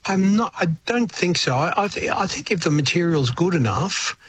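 A man's voice: high voice, expressive, moderate pace, fairly bright tone, breathy edge. An older Australian man, a musician, talking in a radio interview with frequent restarts and repeated words. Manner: rambling, repeats words, laughs often. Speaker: guest musician.

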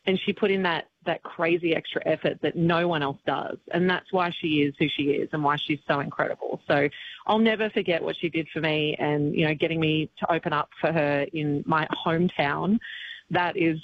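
A woman's voice: deep voice, steady tone, moderate pace, slight background noise. Woman on a dull radio line. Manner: tearful but laughing, rambling with fillers. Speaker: country singer guest. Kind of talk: emotional phone-in radio interview.

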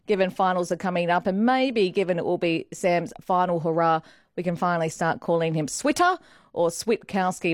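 A woman's voice: lowish voice, no echo, clean studio sound. Chatty Australian woman hosting sports radio. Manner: bubbly, chatty, laughs while talking. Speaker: radio sports show host. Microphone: studio microphone.

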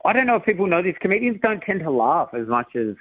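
A man's voice: high voice, sing-song, fast, slightly rough, dry recording, narrow, tinny audio. A male comedian, chatting and telling funny stories as a radio guest. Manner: chatty, storytelling, giggly. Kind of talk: casual radio interview chat.

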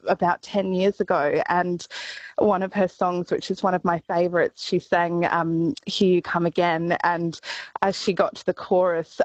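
Woman, tearful, hesitant, lowish voice, dull lo-fi sound. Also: no room sound. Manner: tearful, hesitant, many ums. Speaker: radio colleague.

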